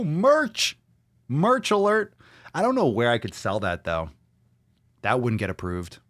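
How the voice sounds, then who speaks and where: A man's voice: on the low side, dry recording. A man hosting a podcast in a brash, profane, mocking rant. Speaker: podcast host. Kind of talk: casual ranting podcast talk.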